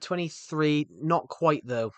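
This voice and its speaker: Slow-paced and a little high, his fairly bright voice carries no echo over the background music. He's a British man in his twenties, gaming on a live stream and rambling chattily through viewer comments.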